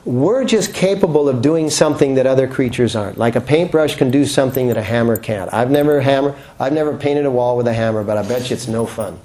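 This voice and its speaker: A man giving a relaxed, joking talk to a room full of people at the start of a yoga class, often checking in with rhetorical questions. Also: mid-range voice, quick pace, hardly any pauses. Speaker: yoga teacher.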